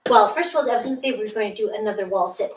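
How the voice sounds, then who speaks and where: A woman's voice: medium pitch, rapid-fire, echoey room, far from the mic, slight background noise, low-quality recording. A woman leading a guided workout, a little out of breath, encouraging and laughing often as she gives instructions. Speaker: fitness instructor. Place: room with a wall and ceiling tiles, indoors.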